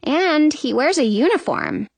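A curious little boy in a storybook who blurts out whatever comes to mind, voiced by a woman reader. His lines come high and earnest, recorded dry and close. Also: very animated, measured pace, vocal fry, no echo, full character voice. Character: curious chatty little boy, the narrator's brother.

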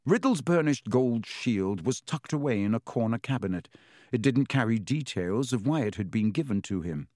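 A man narrating a children's novel in a measured storytelling manner. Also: medium pitch, lively intonation, warm tone, no echo, clean studio sound. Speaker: audiobook narrator. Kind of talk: scripted narration.

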